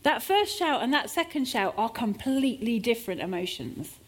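Animated woman preaching a lively sermon. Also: fairly high pitch, normal speed. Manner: animated, shifting emphasis, acts out desperate cries. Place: church service.

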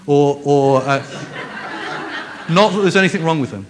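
A man's voice: a little high, unhurried, long pauses, slight background noise. Scouse man preaching with self-deprecating humor. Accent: Scouse (Liverpool). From Liverpool, England. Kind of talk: conversational sermon.

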